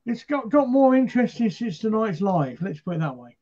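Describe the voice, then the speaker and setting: A man's voice: sits high, sing-song, a little fast, mellow, lo-fi sound. A man from Britain hosting a paranormal chat show, telling stories in a rambling, casual way with lots of fillers.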